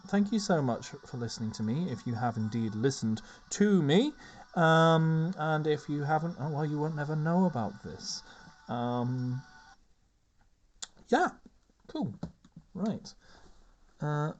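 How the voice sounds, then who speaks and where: A man's voice: fairly high pitch, animated, a little slow, a little mellow, highs cut off. A man casually commenting on a video game, chatty and rambling, chatting to his cats as he plays. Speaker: let's play host.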